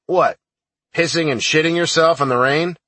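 A gruff, sarcastic older army sergeant, put on by a male audiobook narrator, barks out dry retorts. The voice sits noticeably higher than the reader's own, with a husky edge. It is recorded close and dry, with no room sound. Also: normal speed, pushed and bright, no echo. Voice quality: gruff, barking. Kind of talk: audiobook character voice.

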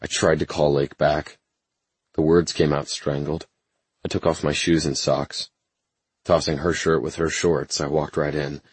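A man with an extremely deep, husky voice reads a first-person romance audiobook. His delivery is measured, brooding and intense. The recording is close and completely dry. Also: little pitch movement, no echo. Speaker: audiobook narrator.

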